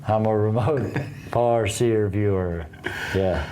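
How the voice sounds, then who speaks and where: A man co-hosting a music reaction show, bantering and joking in a relaxed way. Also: fairly low pitch, takes it slowly, slight background noise. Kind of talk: casual chat. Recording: music playing behind the voice.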